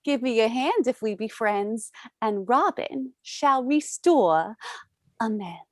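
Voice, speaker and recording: A woman plays a mischievous fairy sprite with a high, bright voice. She reads the verse slowly and deliberately, lifting certain words with a lively rise. The sound is dry and close. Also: no room sound. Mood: gentle. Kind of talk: amateur online play reading.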